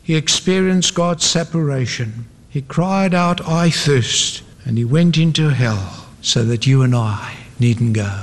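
A man's voice: mid-range voice, animated, a little slow. A male preacher delivering an evangelistic sermon with dramatic, emphatic repetition. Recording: long hall reverb.

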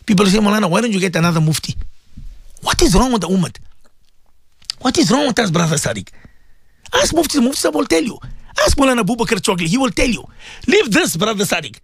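A man's voice: extremely high pitch, big pitch swings, quick pace, pauses often, a bit bright, slightly rough, no echo. A man presenting a morning radio show, delivering an impassioned sermon-style talk with emphatic repeated phrases.

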